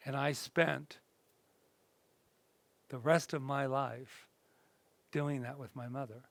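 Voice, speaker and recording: A man, a reverend, teaching a spiritual class in a relaxed, conversational way, often rambling and acting out little voices from his stories. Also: medium pitch, takes it slowly, gravelly, no echo. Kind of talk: casual spoken talk.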